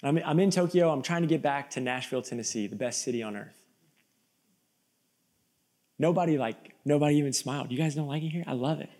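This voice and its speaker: A male pastor from Florida preaching an energetic, emphatic sermon to a live church audience, with storytelling asides. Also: fairly high pitch, a little fast, pauses often. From Florida, USA.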